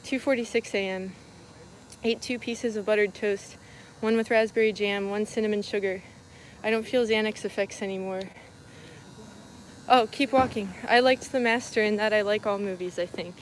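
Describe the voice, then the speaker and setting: Woman, deadpan diary reading, live stream, noisy background, mid pitch. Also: moderate pace. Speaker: livestreamer reading her writing aloud. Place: moving between venues and a car.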